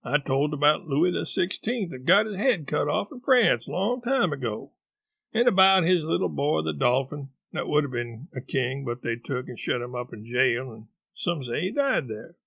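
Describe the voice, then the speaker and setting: A man's voice: on the high side, expressive, moderate pace, creaky, a bit bright, dry recording. A man reading a novel aloud, narrating in a rustic first-person voice. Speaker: audiobook reader. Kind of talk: storybook narration.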